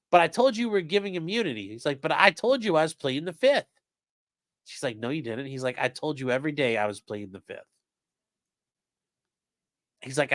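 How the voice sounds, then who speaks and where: Brief: male streamer, lively, a bit high-pitched, swears freely, dry close sound. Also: no echo. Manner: profane, animated, reads quotes in shifting voices. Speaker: legal commentary streamer. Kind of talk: casual live-stream commentary reading a transcript.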